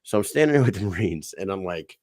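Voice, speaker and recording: A low-voiced man co-hosts a casual podcast, telling an animated story full of swearing and dropping into quick impressions of the people he quotes. The recording is close and dry, with no room sound.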